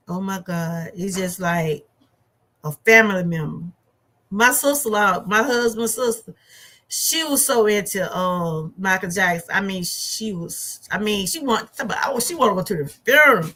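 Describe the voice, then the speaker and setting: A middle-aged woman, reviewing a movie in a chatty, animated way. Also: mid-range voice, measured pace. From Georgia, USA. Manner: animated, chatty storytelling with laughs and asides. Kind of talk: casual chat.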